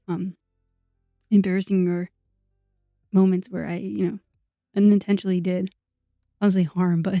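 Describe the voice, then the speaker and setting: A woman's voice: mid-range voice, no room sound. A young woman rambles through a casual, self-deprecating chat as a YouTube voice-over. The recording is dry and a little dull, with faint music underneath. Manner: rambling, self-deprecating, frequent fillers and laughs.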